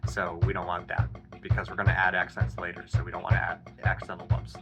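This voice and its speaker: A man with a fairly low voice walks through a drum exercise, counting out beats and coaching in an easygoing, encouraging manner. A drum kit plays loudly behind him in the studio. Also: fast, muffled recording, over loud music. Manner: counts beats aloud, relaxed and encouraging with fillers. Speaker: drum teacher. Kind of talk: casual drum lesson explanation. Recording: loud drum playing behind the voice. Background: drum kit playing.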